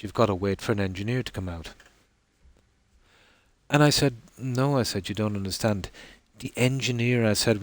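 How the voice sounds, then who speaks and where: A man's voice: lowish voice, no echo. A man with an Irish accent telling a long rambling story while streaming a game, with a lot of "I said". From Ireland. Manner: rambling anecdote, frequent "I said".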